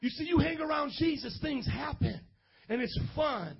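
A man preaching an energetic, slang-filled sermon at a church service, often breaking into shouts. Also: extremely high pitch, moderate pace, vocal fry, lo-fi sound. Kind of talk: lively youth sermon.

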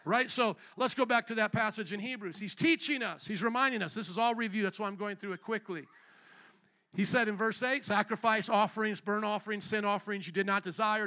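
A man's voice: sits high, pushed and bright. A man preaching a sermon to a congregation, leading call-and-response and asking the room questions. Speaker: pastor. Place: church hall with congregation.

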